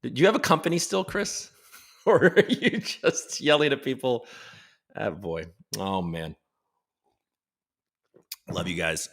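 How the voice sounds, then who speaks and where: A man's voice: mid-range voice, slow, creaky, long pauses. A man hosting a casual live crypto stream, joking and teasing viewers as he reads the chat, with some swearing. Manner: lively, with big jumps in loudness. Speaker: crypto livestream host.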